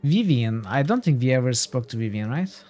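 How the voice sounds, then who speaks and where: A man's voice: medium pitch, animated, normal speed, darkish tone, faint music behind. A man streaming a role-playing game, reading his replies aloud in a playful, teasing way.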